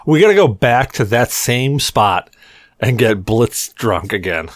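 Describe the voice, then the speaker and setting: A young man spinning a casual, profane bar story with a lively, swooping voice. He sits close to the mic in a dry room, and his pitch sits in the middle of a man's range. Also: a little slow, no room sound. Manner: animated, swearing, acts out quotes. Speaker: podcast co-host.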